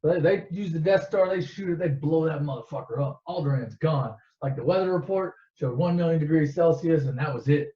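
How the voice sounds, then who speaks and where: A man's voice: a little high, a little fast, few pauses, warm tone. A man casually retelling a movie in a rambling, profane and sarcastic way. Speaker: storyteller. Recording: echoey dull lo-fi recording.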